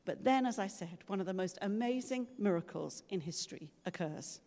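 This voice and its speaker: A woman's voice: mid-range voice, expressive, moderate pace, warm tone. A woman giving a sermon in a church, telling stories in a conversational way and acting out quoted voices. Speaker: preacher. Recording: long reverb from a large room.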